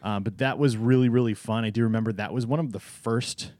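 A man's voice: mid-range voice, a little fast, no room sound. New england guy, jokey, laughs a lot, dry close sound. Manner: jokey, laughs often, playful deadpan bits. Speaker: co-host. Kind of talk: casual chat.

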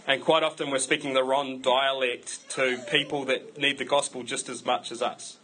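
A pastor preaches a sermon to his church conversationally, breaking it up with self-deprecating jokes. His medium-pitched voice is bright and forceful with little pitch movement at a moderate pace, and the poor audio carries a little hiss or hum.

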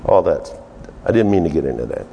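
A man's voice: animated, a little fast, vocal fry, mellow, dull audio, a little hiss or hum. A man preaching a conversational sermon, telling the story with emphatic, jumpy delivery. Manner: storytelling, emphatic, with sudden pitch jumps. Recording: long reverb of a large hall.

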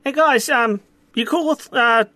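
A woman's voice: sits high, a little slow, pushed and bright, no room sound. A woman playing a tabletop role-playing game, talking through her moves and plans. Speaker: player.

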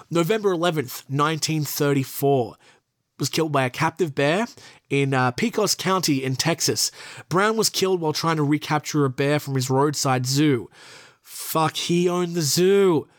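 A man's voice: a little high, dry recording, studio quality. A young man hosting a podcast, reading from a list and breaking off into profane, sarcastic asides. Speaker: podcast host. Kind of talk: casual commentary reading from a list.

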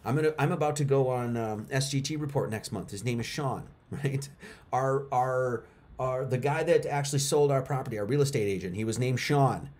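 A middle-aged man runs a casual livestream, speaking in a mid-range, darkish voice at a moderate pace. He addresses his chat emphatically and repeats his points for effect.

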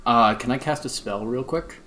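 A man playing a tabletop game, giving brief, unhurried replies. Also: medium pitch, sharp tone, a little hiss or hum. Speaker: player. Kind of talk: casual tabletop play.

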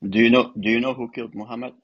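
A male caller in a casual discussion who talks haltingly, repeating words and using fillers. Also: mid-range voice, fairly even intonation, dull audio.

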